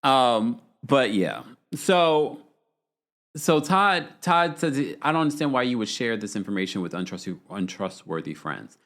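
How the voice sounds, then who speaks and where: A man's voice: mid-range voice, a little slow. A man hosting a live-stream reality TV recap, chatting casually and reading out viewer comments. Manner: chatty, animated, reads viewer super chats. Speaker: podcast host.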